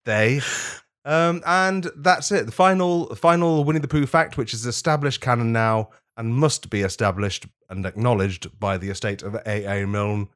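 A young man reads out absurd stories in a deadpan, mid-pitched voice. He giggles as he goes, relaxed and chatty. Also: normal speed. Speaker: podcast co-host. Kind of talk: casual comedic chat and reading.

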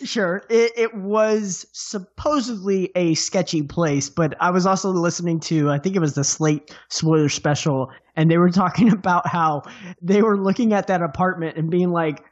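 A man's voice: high-pitched, moderate pace, dull audio. A man on a podcast panel talking about a film in a rambling, casual way, full of "like" and restarts. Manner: rambling, filler-heavy, amused.

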